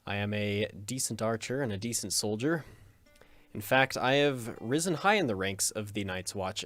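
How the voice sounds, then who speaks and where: Joking, rambling man with a lowish voice. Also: no room sound. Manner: joking, rambling, self-interrupting with chuckles. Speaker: gaming video host. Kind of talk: casual let's play commentary.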